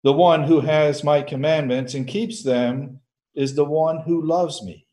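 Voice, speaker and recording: Man solemnly reading scripture, mellow voice. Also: a little high, fairly even intonation, measured pace. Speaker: Gospel reader. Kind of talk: liturgical Gospel reading.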